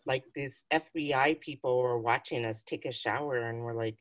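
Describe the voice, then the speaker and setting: Woman, low voice, rambling, giggly, swears a lot, casual podcast chat. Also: moderate pace. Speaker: podcast co-host.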